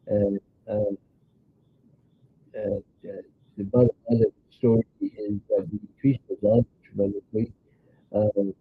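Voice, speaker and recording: A man in his nineties with a New York accent, telling rambling stories in a halting way with many filler sounds. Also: on the low side, breathy edge. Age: 90s. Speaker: interview guest, grandfather. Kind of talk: casual storytelling chat. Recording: tinny phone-like sound.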